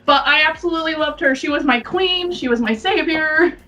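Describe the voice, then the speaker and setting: A young woman with a high voice chats casually and rambles with frequent giggles. She sits back from the mic, and the sound is muffled and lo-fi, with soft music underneath. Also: fairly quick, recorded from a distance. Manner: giggly, rambling, often breaks into laughter. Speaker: podcast co-host. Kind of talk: casual chat.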